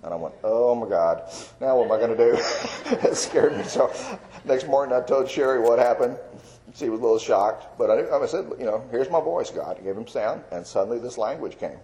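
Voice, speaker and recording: Older guy preaching his testimony, folksy, chuckles a lot, mellow voice. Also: medium pitch, animated, moderate pace, low-quality recording. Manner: folksy storytelling with fillers and chuckles. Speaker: evangelist. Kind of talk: testimony sermon.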